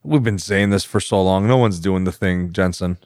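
A man co-hosting a casual podcast, trading quick, joking banter. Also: low-pitched, darkish tone, no echo, studio quality. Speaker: podcast co-host. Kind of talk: casual chat.

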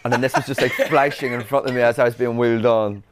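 A man's voice: medium pitch, steady tone, quick pace, slight background noise. A young man and actor guest, telling stories in a casual, self-mocking way and laughing at himself. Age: young adult. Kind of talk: casual interview chat.

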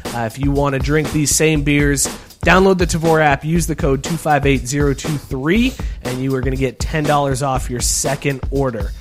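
A man's voice: medium pitch, fairly even intonation, music in the background. A man co-hosting a casual podcast, bantering and joking, also doing the sponsor reads. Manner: talkative, joking, fast-shifting banter. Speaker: podcast co-host.

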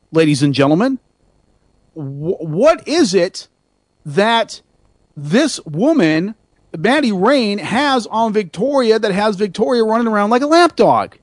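A man hosting an internet radio talk show, talking in an animated, rambling way with many restarts and self-mocking asides. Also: sits high, no echo, clean studio sound. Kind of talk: casual radio chat.

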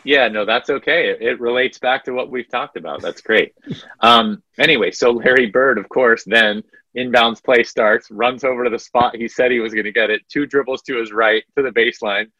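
A man co-hosting a casual sports podcast, retelling anecdotes in an animated storytelling way. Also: mid-range voice, moderate pace, no room sound, muffled recording. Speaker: podcast co-host.

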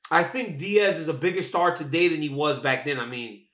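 A man's voice: fairly high pitch, lively intonation, a little fast, a bit bright. A man co-hosting a fight talk show over a video call from a hotel, teasing and joking in a loose, repetitive way. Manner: playful, teasing, repeats himself, laughs often. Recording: echoey room.

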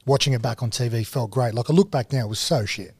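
Animated Australian man telling stories. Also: medium pitch, fast, slightly rough, no room sound, clean studio sound. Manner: animated storyteller, mimics others in dialogue. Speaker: guest. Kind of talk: casual storytelling interview.

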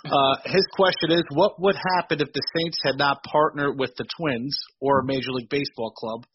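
Easygoing husky-voiced radio co-host. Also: male voice, mid-range voice, fairly even intonation, brisk, dull audio. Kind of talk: casual radio chat.

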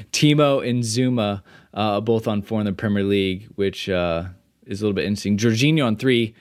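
A man hosting a casual podcast, talking energetically with fillers and quick restarts. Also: on the low side, no echo. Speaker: podcast host. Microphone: remote call microphone.

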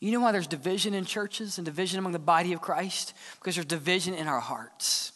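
A man preaching a sermon as the church's pastor, earnest, sometimes dropping to a hushed tone to press a point. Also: high-pitched, fairly quick. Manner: earnest preaching, drops to hushed tones for emphasis. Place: church sanctuary. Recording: long church hall reverb.

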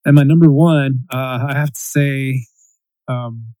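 Mellow-voiced man ranting casually. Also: medium pitch, measured pace, no echo, poor audio. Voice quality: mimics quotes in a raised voice. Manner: animated, profane ranting. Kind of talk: casual chat.

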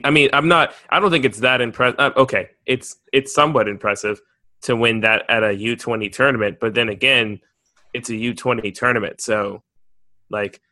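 A man's voice: on the low side, pushed and bright, no room sound. A man co-hosting a casual sports podcast, talking in a hesitant way with frequent restarts. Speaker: podcast co-host.

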